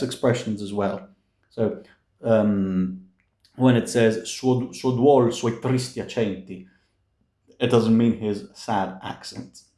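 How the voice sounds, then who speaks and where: Recorded in an echoey room, a man with a lowish, dark-toned voice teaches music language, walking through what opera lyrics mean and how to pronounce them. He stays patient and explanatory, with playful asides and plenty of fillers.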